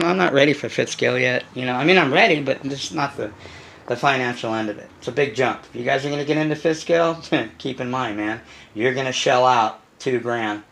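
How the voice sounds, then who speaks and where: A man with a gravelly, rough-edged voice talks straight to his viewers in a blunt, unpolished vlog rant. He swears freely, restarts his sentences and loads them with fillers, and he breaks into animated asides as he goes. His pitch sits in the middle range for a man. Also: a little hiss or hum. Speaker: RC car channel host.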